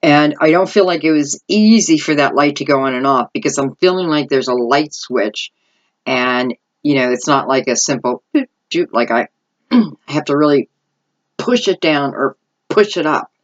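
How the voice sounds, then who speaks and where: Her voice is low and animated, at a normal speed, with the highs cut off in the recording. This middle-aged tarot reader rambles through an intuitive reading, thinking aloud amid frequent "I feel like" asides.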